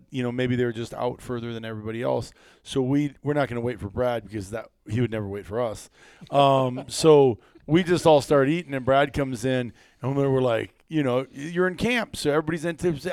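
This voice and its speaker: A man casually telling a hunting story among friends, animated and rising sharply when incredulous. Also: medium pitch, smooth, dry recording, clean studio sound.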